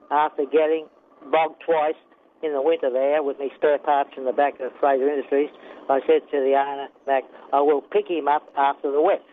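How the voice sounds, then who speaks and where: A man's voice: fairly high pitch, level tone, normal speed, slight background noise. An older Australian man, a retired horse trainer, telling rambling racing stories with chuckles and a constant "yeah". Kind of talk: casual storytelling interview. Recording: tinny phone line.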